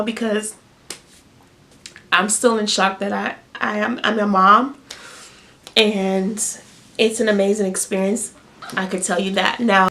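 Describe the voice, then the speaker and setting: A young woman who has just become a mother talks to the camera in a mid-range, slightly bright voice marked by vocal fry. Her story is personal and told casually, yet she's emotional and close to tears, often repeating words and leaning on fillers.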